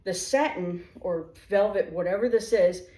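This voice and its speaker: A woman casually telling funny stories as a vlogger in her home kitchen, animated and chatty, talking while she eats. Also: fairly low pitch, unhurried. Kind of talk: casual storytelling. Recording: echoey room.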